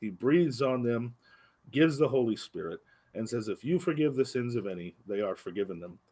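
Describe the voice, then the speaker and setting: A man teaching an adult Bible class in a church, speaking earnestly and slowing down for emphasis on key phrases. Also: mid-range voice, expressive, warm tone, slightly rough. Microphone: livestream microphone.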